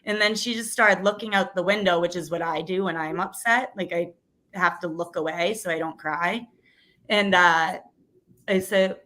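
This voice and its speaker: A woman's voice: lowish voice, moderate pace, pushed and bright. Earnest woman telling an emotional story. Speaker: guest, school committee candidate. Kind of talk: casual interview.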